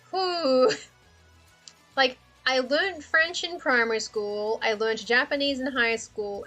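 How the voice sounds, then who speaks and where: A woman chats on a casual livestream, rambling and thinking aloud with frequent laughter. Her voice is fairly high and bright, and she talks at an unhurried pace. Faint music plays in the background. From Australia. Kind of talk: casual livestream chat about worldbuilding.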